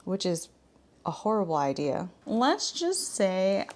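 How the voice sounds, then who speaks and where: A woman's voice: mid-range voice, sing-song, slow pace, a little mellow. A woman in her thirties vlogging in a frank, chatty way, full of filler words. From Washington state. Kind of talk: casual chat.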